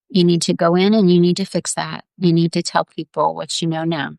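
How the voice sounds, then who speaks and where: A woman's voice: on the low side, flat delivery, gravelly, a little mellow, no echo. A woman leading a guided healing visualization on a live video, talking in a soothing way and often calling the listener honey. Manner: slow, soothing, repeatedly says "honey".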